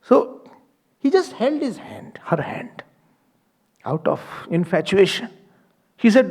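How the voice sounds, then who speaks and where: A man gives a devotional storytelling discourse, lively and acting out his characters' lines. His voice sits high and rides wide swings of pitch. A gravelly fry runs under many phrases. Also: takes it slowly, pauses often. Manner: animated, acts out characters' lines. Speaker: spiritual teacher.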